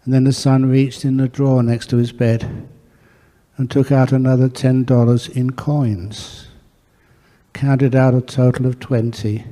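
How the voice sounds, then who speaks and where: A Buddhist monk giving an earnest storytelling talk, answering questions from a meditation audience. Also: male voice, mid-range voice, level tone, measured pace, dark tone. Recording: echoey hall.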